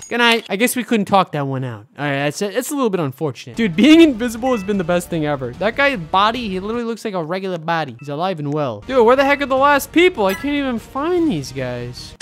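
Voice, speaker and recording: A young man giving playful, teasing gameplay commentary, chatting to his viewers and breaking into loud excited bursts. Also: sits high, fast talker, faint music behind. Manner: chatty, talks to viewers as "boys". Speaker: gaming video host.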